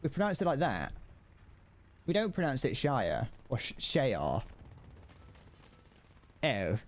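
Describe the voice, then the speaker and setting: A man's voice: medium pitch, wildly swooping pitch, moderate pace. A British man streaming a video game, chatting casually and rambling with jokes. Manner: joking and rambling. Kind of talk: casual live-stream chat.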